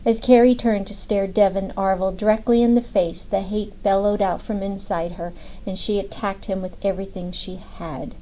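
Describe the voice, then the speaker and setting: Brief: woman audiobook narrator, measured scripted delivery, soft dark timbre. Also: mid-range voice, steady tone, slight background noise, low-quality recording.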